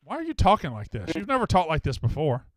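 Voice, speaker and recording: A man's voice: on the high side, huge pitch swings, fast talker, fairly bright tone, no echo, clean studio sound. A man hosting a casual sports talk show, rambling, joking and swearing as he talks with a caller. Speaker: host.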